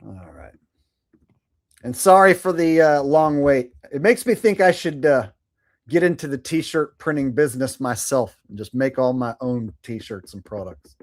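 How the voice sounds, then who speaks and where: A man's voice: mid-range voice, expressive, measured pace, dry recording, clean studio sound. A man hosting a live stream, chatting casually and sarcastically, swearing freely and laughing at his own jokes.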